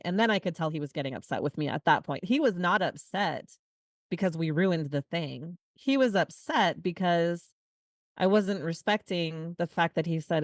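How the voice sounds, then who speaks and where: A woman co-hosting a podcast, telling a personal story in a casual, animated way. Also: on the low side, no room sound, clean studio sound. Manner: animated storytelling, quick asides. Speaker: podcast co-host. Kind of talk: casual conversation.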